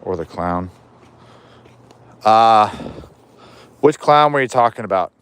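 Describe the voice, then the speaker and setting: A man's voice: on the low side, lively intonation, slow pace, a bit bright, clean tone. A man chatting casually on a livestream as he walks home outdoors, rambling, cracking jokes and swearing freely, recorded on a chest-mounted camera. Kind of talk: casual live chat. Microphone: chest-mounted POV camera.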